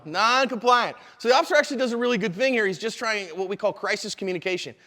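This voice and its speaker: A man teaching a live seminar, energetic and conversational, with quick asides to the audience. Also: high-pitched, long reverb tail. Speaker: self-defense instructor. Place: convention hall seminar room.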